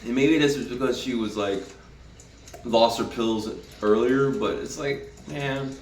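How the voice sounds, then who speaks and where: A man's voice: medium pitch, measured pace, slight background noise. A man giving a casual, profane, rambling spoken review of a TV episode, with frequent restarts. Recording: roomy, from a distance.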